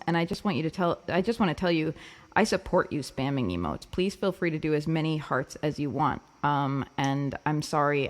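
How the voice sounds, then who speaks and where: Chatty woman hosting a music livestream. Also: fairly low pitch. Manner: chatty, laughs often, many ums and likes. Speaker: singer-songwriter livestream host. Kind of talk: casual chat with viewers.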